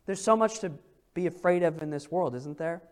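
Male preacher with a high voice, expressive sermon delivery, reads scripture aloud, leans on repetition. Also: fairly quick. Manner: repeats phrases for emphasis. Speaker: pastor.

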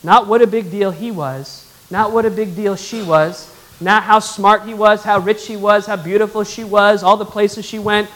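A man's voice: high-pitched, steady tone, moderate pace, a bit bright, rough recording. A male pastor preaching a sermon, emphatic and calling on the congregation to answer back. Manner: emphatic, calls for congregation response.

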